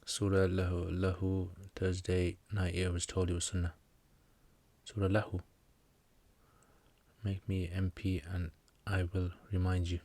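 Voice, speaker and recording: His voice is deep and his pace a little slow, with frequent pauses. He's hosting a casual livestream Q&A, taking religious questions and reading viewer comments in a relaxed, jokey way.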